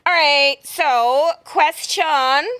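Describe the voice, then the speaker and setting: A young woman co-hosting a podcast, telling a story in a dramatic, excitable way and acting out her own reactions. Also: high-pitched, extremely slow. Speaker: podcast co-host. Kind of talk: casual chat, animated storytelling.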